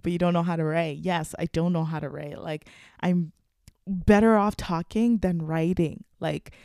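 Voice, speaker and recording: A woman's voice: fairly low pitch, steady tone, moderate pace, darkish tone, no echo, studio quality. A young woman hosting her own podcast, talking casually and frankly, with lots of fillers and frequent laughs. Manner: frank, chatty, filler-heavy, laughs often. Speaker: podcast host. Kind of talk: casual solo podcast talk.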